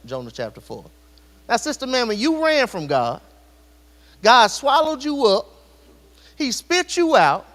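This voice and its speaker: A man preaches an animated sermon, his voice pitched very high and swinging widely up and down. He keeps speaking straight to the congregation with rhetorical questions. His voice rings out with a long reverb across a church hall. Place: church sanctuary.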